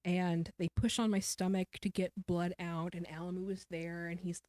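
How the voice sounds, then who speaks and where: A woman's voice: lowish voice, little pitch movement, normal speed, darkish tone, no room sound, clean studio sound. A woman guest author telling a personal story in an interview, candid and somber, often quoting what others said.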